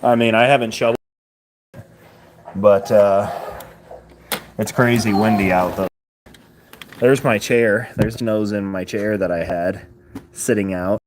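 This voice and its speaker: A man's voice: lowish voice, steady tone, a little slow, long pauses, a little hiss or hum. A man hosting a casual live stream, chatting loosely with viewers and greeting them by name, often laughing as he talks into a handheld phone.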